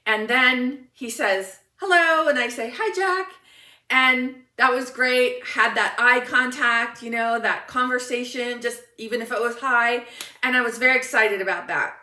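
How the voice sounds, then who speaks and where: A woman with a high voice shares a personal story as a motivational speaker, animated and enthusiastic. The sound is in an echoey room. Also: moderate pace, far from the mic.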